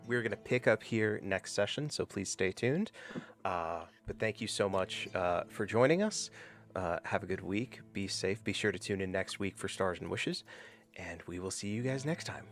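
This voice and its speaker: Male game master, low voice, loose and rambling narration. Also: animated, normal speed. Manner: loose, rambling, with many fillers and restarts.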